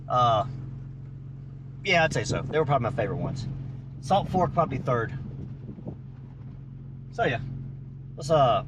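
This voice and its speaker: A man, chatting casually and folksily as he narrates an off-road drive from inside his Jeep. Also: fairly high pitch. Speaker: off-road vlogger. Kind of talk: casual narration while driving. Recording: engine and road noise behind.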